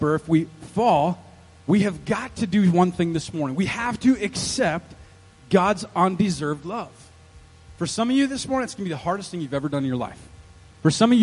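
A male pastor preaching a sermon in an animated, joking way, quizzing the congregation with questions. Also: high voice, breathy edge, in a large hall. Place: church sanctuary.

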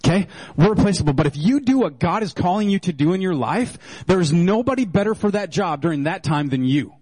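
High-voiced, animated male pastor preaching. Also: brisk, husky, dry recording, rough recording. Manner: animated and joking, with wide swings in pitch. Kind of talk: sermon.

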